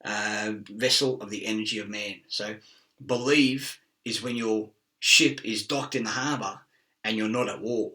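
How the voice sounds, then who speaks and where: Brief: middle-aged man, bright edgy tone, swearing, laughing, riffing on word origins, sitting back from the mic. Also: on the low side, steady tone, measured pace, far from the mic. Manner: profane, laughing, chasing wordplay and word origins. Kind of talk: rambling monologue.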